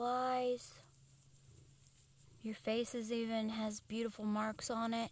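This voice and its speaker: A woman coaxing and soothing an animal in a gentle, often whispered voice, filming outdoors at night on a phone. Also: fairly high pitch, little pitch movement, slow pace, pauses often. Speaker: pet owner filming wildlife. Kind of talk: soft coaxing talk to an animal.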